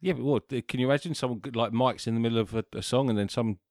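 A man's voice: mid-range voice, very fast, a little mellow, no echo. A man co-hosting a podcast, making dry, self-deprecating jokes. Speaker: podcast co-host. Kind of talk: casual chat.

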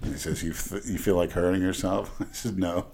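Deep-voiced man telling crude stories. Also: steady tone, fairly quick, creaky, background noise. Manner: rambling, crude, laughs through stories. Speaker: guest. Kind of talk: casual storytelling.

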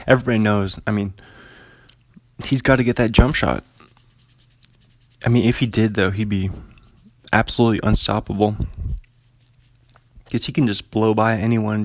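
A man's voice: fairly low pitch, no echo. A man hosting a casual solo podcast from his apartment, rambling in a laid-back way with lots of fillers. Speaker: podcast host. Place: home apartment.

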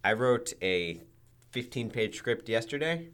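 A young man co-hosting a casual podcast, deadpan and hesitant, with many ums. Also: medium pitch, measured pace. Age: young adult. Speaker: podcast co-host. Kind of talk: casual chat.

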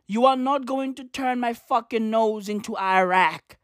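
Loud profane woman ranting for laughs. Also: a little high, unhurried, dry recording, studio quality. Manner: loud, profane, emphatic, with shouted bursts; heavy use of slang asides. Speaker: commentator. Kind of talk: comedic rant to camera.

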